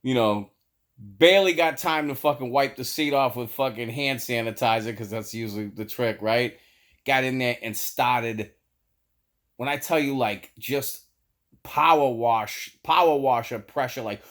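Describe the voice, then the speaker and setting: Profane, animated man telling a story. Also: mid-range voice, normal speed. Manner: profane, animated, laughs mid-sentence. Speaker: storyteller vlogger. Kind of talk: casual comic storytelling.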